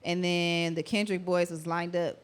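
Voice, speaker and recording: Lively young woman telling her story. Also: lowish voice, normal speed, clean tone. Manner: lively retelling, acts out quoted voices. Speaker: guest, dancer. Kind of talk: casual storytelling interview.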